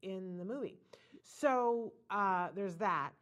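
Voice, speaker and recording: Woman co-host, chatty film review, blunt opinions, quick laughs. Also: medium pitch. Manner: animated, frank, laughs often. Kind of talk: casual film review chat.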